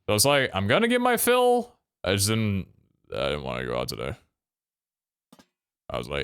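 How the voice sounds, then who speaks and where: A man's voice: fairly low pitch, sing-song, moderate pace, pauses often, a bit bright, clean tone. A young man chatting casually and tiredly on a game stream, rambling, swearing and laughing often. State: tired, yawning.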